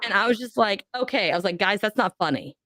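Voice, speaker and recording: A woman's voice: mid-range voice, animated, quick pace, bright, forceful tone, no echo. A woman on a podcast telling a personal ghost story, acting out the voices she quotes. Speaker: podcast guest.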